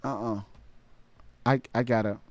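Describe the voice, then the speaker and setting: A man's voice: medium pitch, steady tone, measured pace, no echo. A man giving reaction commentary on a clip, stammering and incredulous.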